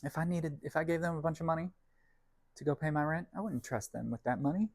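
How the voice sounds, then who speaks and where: A man's voice: fairly high pitch, fast talker, no echo. A young man rambling casually to the camera and his cats while baking in his home kitchen, self-deprecating and wry. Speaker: vlog host. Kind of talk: casual cooking vlog chat.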